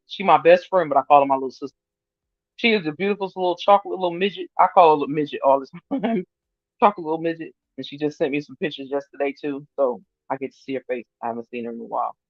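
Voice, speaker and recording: A woman in her fifties chatting casually to her viewers on a livestream, animated and laughing often as she reads their comments. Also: low voice, no room sound. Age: 50s. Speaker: vlogger reading viewer comments. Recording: dry, slightly muffled lo-fi sound.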